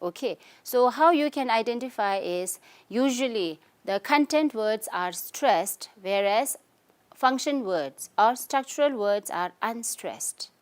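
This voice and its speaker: A woman's voice: a little high, lively intonation, takes it slowly. Female English teacher, Tibetan accent, patient step-by-step explainer, keeps asking "okay?". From Tibetan community in India. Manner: explanatory, frequent "okay?" and "you can say" checks. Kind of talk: recorded lesson.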